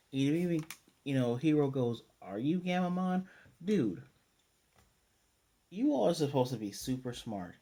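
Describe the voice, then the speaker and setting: A man's voice: medium pitch, dark tone. A man giving a casual, rambling recap and review of a cartoon episode, with exasperated commentary.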